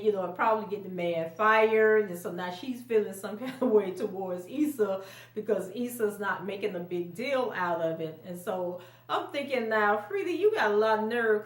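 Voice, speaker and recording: A woman recapping a TV episode in a casual, chatty way, laughing often and acting out quotes in a raised voice. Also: mid-range voice. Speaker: TV recap vlogger. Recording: roomy echo, mic at a distance.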